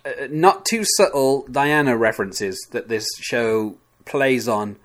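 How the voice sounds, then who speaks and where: A man's voice: medium pitch, unhurried, a bit bright. A British man with a British accent, the podcast's producer appearing as a guest, chatting casually and hesitantly, with many ums and likes. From Britain.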